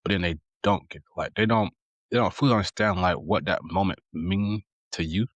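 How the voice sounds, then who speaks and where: A man interviewing a guest, speaking in a relaxed, reflective, casual way with slang. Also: deep voice, fairly quick, slightly rough, dry recording, muffled recording.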